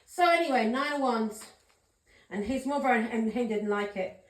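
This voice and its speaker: A woman's voice: on the high side, normal speed, roomy sound. A woman giving a tarot reading vlog, a blunt, ranting straight talker who swears freely. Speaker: tarot reader.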